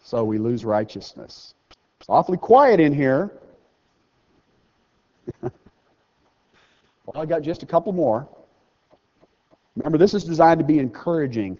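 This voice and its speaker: A pastor with a fairly high, lively voice gives a sermon in a church. His speech echoes with a long reverb, and the recording sounds a little dull. He talks in an easy way, slows down to read scripture, and pokes fun at himself. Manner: conversational preaching, slows down and rises for scripture readings; self-deprecating asides. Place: church sanctuary.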